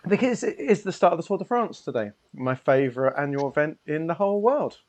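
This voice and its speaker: A man's voice: fairly high pitch, expressive, fairly quick. Playful man running a game stream. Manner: playful, jokey, slips into a mock French accent. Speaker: game master. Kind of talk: hosting a tabletop game stream.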